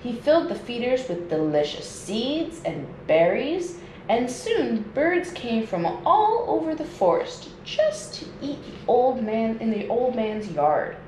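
A woman nature educator reading a children's storybook aloud at home, in a slow and expressive read-aloud manner. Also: fairly high pitch. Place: indoors at home. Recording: echoey room with faint noise.

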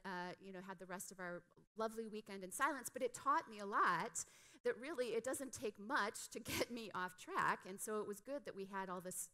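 Brief: middle-aged woman preacher, chatty storyteller, bright forward tone. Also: mid-range voice. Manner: chatty, frequent "like" and "you know", self-deprecating. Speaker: guest preacher. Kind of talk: conversational sermon storytelling. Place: church sanctuary.

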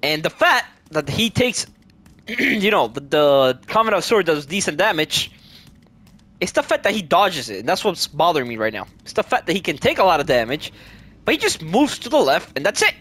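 A man giving loud, excitable let's-play commentary, swearing and swinging between low groans and yells. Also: moderate pace. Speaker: gaming YouTuber.

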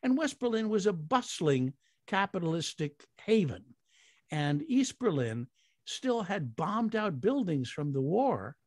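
A man's voice: sits high, very animated, unhurried, darkish tone, no echo, studio quality. An older man, a guest actor, telling long rambling anecdotes in an interview with chuckles along the way. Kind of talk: storytelling in an interview.

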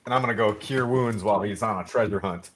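A man playing a tabletop game, upbeat with quick asides. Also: on the low side, a bit bright. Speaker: player. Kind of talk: casual tabletop game chat.

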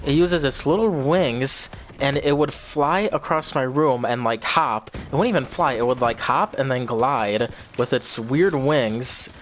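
A man's voice: medium pitch, unhurried, few pauses, fairly bright tone. Young male vlogger, casual rambling storyteller who curses a lot, faint background hiss. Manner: rambling, swears often, repeats himself.

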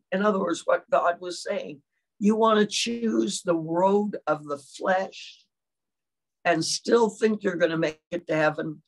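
An older woman delivers a sermon at an unhurried pace. She speaks in measured phrases and keeps checking in with her listeners. She clears her throat now and then. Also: fairly low pitch. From China. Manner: measured, often checks in with "all right?". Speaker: preacher.

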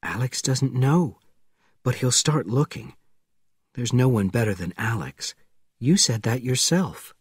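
A man doing a calm, steady wife. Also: mid-range voice, measured pace, breathy edge, no room sound, studio quality. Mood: reassuring. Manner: calm, reassuring. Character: calm, steady grown woman, a wife and mother.

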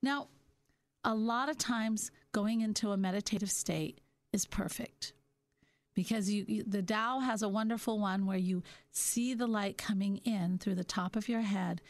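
A middle-aged woman hosting a reflective self-help talk, musing gently and slowing down on her key points. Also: medium pitch, no room sound. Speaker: podcast host.

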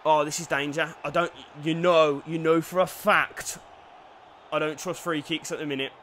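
A young man giving lively commentary over a football video game, dropping to quiet play-by-play and bursting into shouted cheers. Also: on the high side, normal speed, a little hiss or hum. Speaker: gaming YouTuber.

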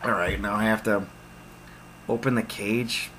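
A man giving casual let's play commentary, excitable, with loud outbursts and laughter. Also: lowish voice, unhurried, a little hiss or hum.

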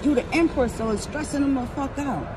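A woman's voice: high voice, brisk, background noise. A woman giving a casual tarot reading outdoors, blunt, profane and emphatic. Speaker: tarot reader.

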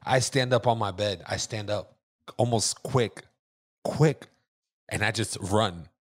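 A man co-hosting a podcast, telling a story in a casual, animated way and swearing freely. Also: lowish voice, slow pace, no room sound, clean studio sound. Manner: animated, swearing, shouts when acting out scenes. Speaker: podcast co-host.

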